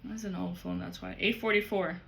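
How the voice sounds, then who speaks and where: A woman gives a casual spiritual tarot reading, speaking bluntly and profanely straight to the viewer. Her voice is on the low side, creaky and a bit bright, with fairly even intonation and a fairly quick pace, plus slight background noise.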